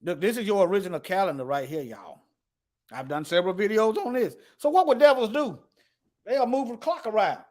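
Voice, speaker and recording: A man's voice: sits high, lively intonation, a little fast, darkish tone. A man teaching the Bible in an emphatic preaching style, reading scripture aloud and addressing his listeners directly. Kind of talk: preaching to an online audience.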